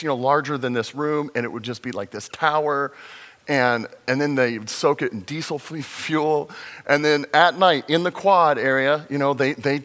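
A man preaching a sermon in a conversational way, slowing to stress points, with fillers and restarts. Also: medium pitch, fairly bright tone. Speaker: pastor. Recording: long reverb in a large hall.

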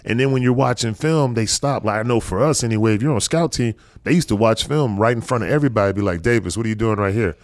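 A man's voice: medium pitch, dry recording. A man hosting a casual interview, chatty and agreeable, sharing his own stories as a football parent. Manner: chatty, agreeable, quick back-channels. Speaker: podcast host, football parent.

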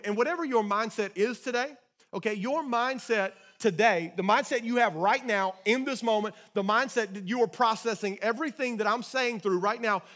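High-voiced man preaching a sermon. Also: fairly bright tone. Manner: emphatic, repeats key phrases for emphasis; calls for congregation responses. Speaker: pastor.

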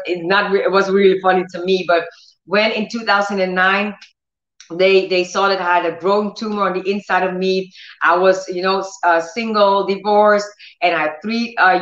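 A woman's voice: mid-range voice, fairly bright tone. A middle-aged woman preaching and telling a personal testimony in an earnest, storytelling way, with restarts and laughter. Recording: roomy, slightly dull recording.

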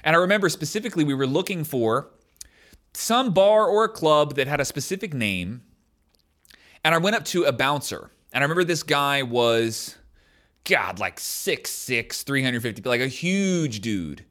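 Speaking to camera, a man in his thirties tells a personal story in a loose, chatty way, peppering it with "like." His voice sits a little high and a bit bright, animated and at a moderate pace.

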